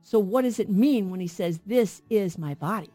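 A woman's voice: medium pitch, normal speed, mellow, faint music behind. A middle-aged woman co-hosting a radio Bible program, teaching earnestly and asking rhetorical questions.

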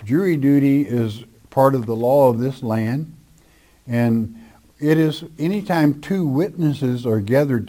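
Male pastor, warm dark tone, blunt and plain-spoken, Bible Q&A. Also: mid-range voice. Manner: blunt, plain-spoken, slow emphatic spelling out. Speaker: pastor answering listener questions. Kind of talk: Bible question-and-answer teaching.

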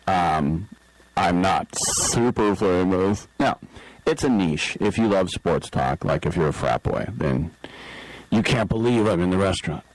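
A man's voice: low voice, animated, measured pace, poor audio. A middle-aged man hosting a sports talk radio show, telling a rambling, self-deprecating story and acting out the people in it. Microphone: studio microphone.

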